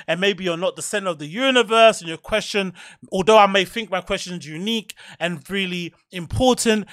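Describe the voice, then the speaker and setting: A man's voice: high voice, fairly bright tone, dry recording. A man in his thirties hosting a podcast, ranting in a heated, profane, rambling way. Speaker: podcast host. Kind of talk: solo rant podcast.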